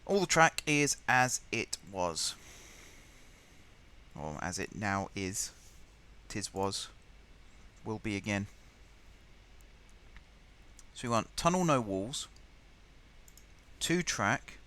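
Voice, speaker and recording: Man, lowish voice, live gameplay commentary, muttering, thinking out loud. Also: big pitch swings, slow pace, pauses often. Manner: mutters and thinks aloud, easily exasperated. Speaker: live streamer.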